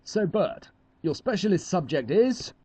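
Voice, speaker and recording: A performer voicing a stiff male quiz show presenter in an amateur cartoon, with a formal, measured delivery. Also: mid-range voice, big pitch swings, dark tone, slightly rough, dry recording.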